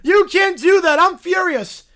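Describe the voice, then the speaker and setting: A woman's voice: lively intonation, unhurried, a bit bright, heavily acted. A woman voicing a whiny, spoiled bratty girl who whines and makes demands in a video clip. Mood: whining. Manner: shrill, whining, demanding.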